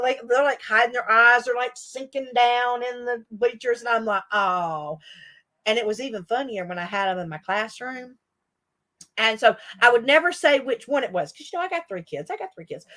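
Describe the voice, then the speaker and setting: Lady chatting on her livestream, kinda high voice, laughs a lot. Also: a bit bright. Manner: chatty, laughs often, talks to chat. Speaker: livestream host; teacher. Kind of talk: casual live chat with viewers.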